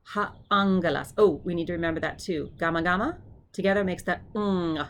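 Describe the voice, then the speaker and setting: A woman tutoring her classmates, casually explaining each word and then repeating it slowly and clearly. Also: fairly low pitch. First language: English. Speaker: seminary student tutoring classmates. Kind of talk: informal pronunciation drill.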